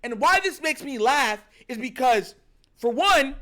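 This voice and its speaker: A man hosting a sports talk show, giving animated casual reaction commentary and laughing often. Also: very high-pitched, normal speed. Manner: animated, excitable, laughs often, mimics players.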